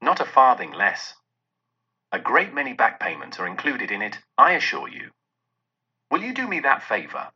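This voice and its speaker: Elderly miser, giddy and eager, voiced by a man; husky, bright, dull lo-fi recording. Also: medium pitch, big pitch swings, moderate pace, exaggerated voice. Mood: joyful. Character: elderly male miser, giddy with new joy.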